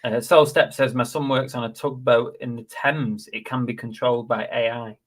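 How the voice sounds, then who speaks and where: A middle-aged man co-hosting a casual live chat about reselling, jokey and quick to laugh. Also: medium pitch, steady tone. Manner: jokey, laughs often, tries silly accents.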